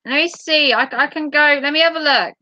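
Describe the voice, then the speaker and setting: Woman streamer with a high, sharp voice, chatty and flustered, recorded on a tablet with dull, dry lo-fi sound. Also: a little fast, dry recording. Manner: flustered, apologetic, thinks aloud. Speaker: livestream host. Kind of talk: casual chat reading viewer comments. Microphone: tablet device.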